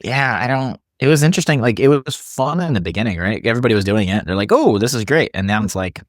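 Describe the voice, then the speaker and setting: A man's voice: on the low side, fast talker, dry recording, clean studio sound. A man co-hosting a podcast, talking loosely and ramblingly with lots of fillers. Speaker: podcast co-host. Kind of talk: casual podcast chat.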